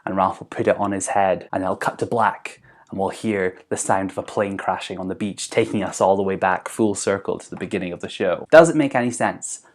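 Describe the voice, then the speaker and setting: A young man riffs through a comic monologue from his bedroom, rambling and playful with constant "like"s. His voice sits on the lower side. He talks as a vlogger to his camera. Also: a little fast. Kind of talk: comedic monologue.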